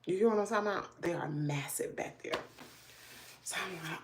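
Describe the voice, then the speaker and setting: A middle-aged woman with a Southern US accent, hosting a livestream and telling a story in a relaxed, chatty way while doing her makeup. She is animated and sometimes drops to a hushed near-whisper. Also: mid-range voice, fairly quick, gravelly. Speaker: livestream host. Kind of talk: casual storytelling chat.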